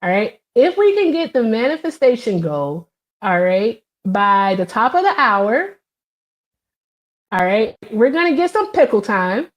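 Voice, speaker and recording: A woman's voice: fairly high pitch, very animated, unhurried, highs cut off. A woman in her thirties chatting casually on a live stream, reading and answering viewer comments, with many fillers.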